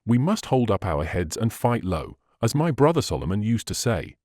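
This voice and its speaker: A man's voice: lowish voice, big pitch swings, normal speed, darkish tone, dry recording, clean studio sound. Miss Pross, a man doing a blunt Englishwoman. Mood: brisk. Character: brisk fussy loyal Englishwoman companion.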